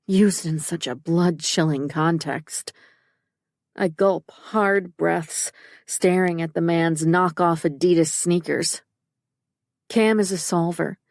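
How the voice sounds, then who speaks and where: A woman's voice: on the low side, creaky, a little mellow, no room sound, studio quality. A woman reading a first-person psychological thriller audiobook in a tense, urgent manner. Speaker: audiobook narrator. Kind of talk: scripted first-person narration.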